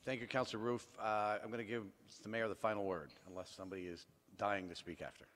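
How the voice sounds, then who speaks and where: A man serving as acting council president, handing out the floor in a brisk, procedural way. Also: fairly low pitch, steady tone, fairly bright tone, slight background noise. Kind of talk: chairing a meeting. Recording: long reverb of a council chamber.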